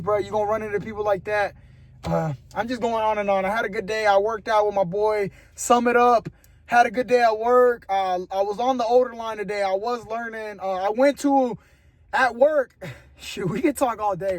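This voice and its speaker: A man's voice: high-pitched, fairly quick, dry recording. A young man vlogging casually to the camera, earnest and rambling, giving motivational talk and calling his viewers "bro". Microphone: camera mic.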